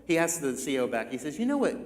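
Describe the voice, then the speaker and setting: A man in his thirties delivers an emphatic sermon, circling back over his phrases and restarting them to drive points home. His voice sits on the higher side for a man. The sound rings with long reverb from a large hall. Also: big pitch swings, racing. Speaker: pastor.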